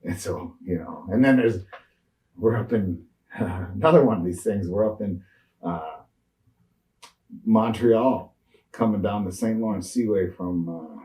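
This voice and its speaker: A man's voice: on the low side, a little slow, long pauses, mellow, far from the mic, rough recording. A man in his sixties, a retired wrestler, rambling through road stories in a shoot interview with lots of fillers and restarts.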